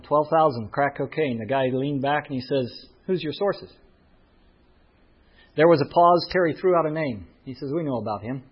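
Man preaching, pastor telling a story, husky voice, fairly high pitch, muffled lo-fi sound. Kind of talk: sermon storytelling. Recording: muffled lo-fi recording.

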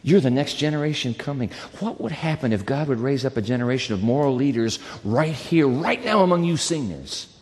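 A male pastor preaches in a relaxed, conversational way and retells a personal story with quoted lines of dialogue. His pitch sits in an ordinary middle range. The sound carries a long reverb from a large church hall. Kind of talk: sermon storytelling.

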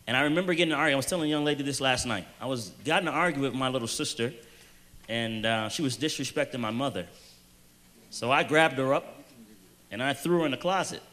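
A man on a youth panel telling a personal testimony, earnest and halting, slowing down hard on the phrases he wants to land. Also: mid-range voice, fairly bright tone. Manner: earnest storytelling with hesitant restarts and emphatic slowed phrases.

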